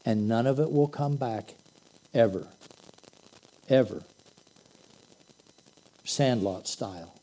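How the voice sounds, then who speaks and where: A man's voice: medium pitch, warm tone, rough recording. A man preaching an earnest, conversational sermon that swells into emphatic bursts. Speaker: pastor.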